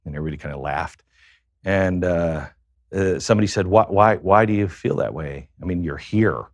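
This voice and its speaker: A man being interviewed as a guest, telling a confessional personal story in a halting way, with many pauses and fillers. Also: low-pitched, no echo.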